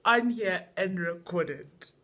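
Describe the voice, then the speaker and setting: A woman's voice: medium pitch, expressive, extremely slow, fairly bright tone. A young South African woman hosting a casual vlog chat, bubbly and laughing often, jumping in over her guests. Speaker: vlog host.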